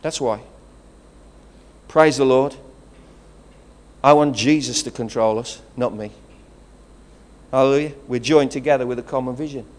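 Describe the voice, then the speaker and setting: A man's voice: medium pitch, unhurried, long pauses, a little mellow. A man with a regional English accent, preaching a sermon as pastor, rousing and conversational, with calls of praise. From England.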